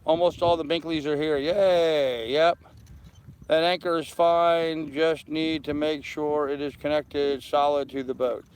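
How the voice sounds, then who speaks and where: An older man on a live stream, chatting into his phone from the deck of his anchored boat. He has a smooth, clear voice that sits a little high for a man, and he goes through his viewers' comments one at a time in a loose, friendly way. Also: level tone, a little slow. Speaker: sailing vlogger. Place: aboard a small anchored sailboat outdoors. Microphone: phone held in hand.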